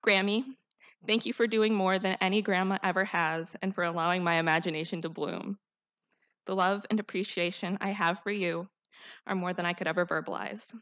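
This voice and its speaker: A woman's voice: fairly low pitch, fairly even intonation, brisk, fairly bright tone, dull audio. A teenage girl, the class salutatorian, giving an earnest, heartfelt and rousing graduation speech at a podium microphone. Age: teens. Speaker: student speaker, salutatorian.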